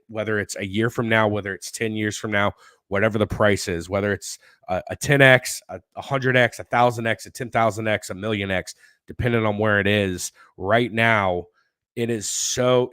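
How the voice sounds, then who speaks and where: Guy w a lowish voice explaining stuff in long rambly sentences, dry close sound. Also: fairly bright tone, no room sound. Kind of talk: casual talk.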